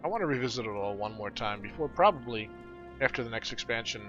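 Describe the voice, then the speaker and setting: A man's voice: medium pitch, lively intonation, fast talker, fairly bright tone, highs cut off, faint music behind. A man in his thirties, a gameplay channel host, chatting casually and jokily over his play. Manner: nostalgic, chatty, jokey.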